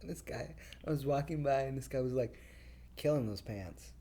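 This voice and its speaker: A woman's voice: extremely low pitch, steady tone, quick pace, mellow. A young woman co-hosting a casual podcast, joking about herself and laughing often. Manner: jokey, self-mocking, laughs often. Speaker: podcast co-host. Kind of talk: casual chat.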